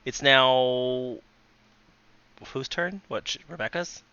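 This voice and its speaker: A man's voice: medium pitch, slow, bright, forceful tone, clean tone, highs cut off. A man running a tabletop game as game master, laughing often and joking at himself. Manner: laughs often, restarts, self-mocking.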